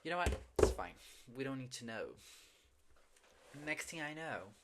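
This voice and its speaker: A man's voice: medium pitch, expressive, normal speed, slight background noise. A man hosting a podcast, telling a story casually and profanely, often laughing at himself. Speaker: podcast host. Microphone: phone.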